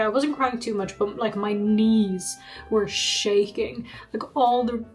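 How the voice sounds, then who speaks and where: A woman's voice: on the high side, fairly even intonation, normal speed, faint music behind. A young woman vlogging in a casual, chatty way, laughing often and poking fun at herself. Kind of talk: casual vlog chat. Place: at home.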